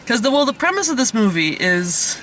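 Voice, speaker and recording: A man's voice: very high voice, very animated, a little fast, sharp tone, a little hiss or hum. A man hosting a casual comedic movie review, rambling along and laughing often. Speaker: host of a movie review podcast.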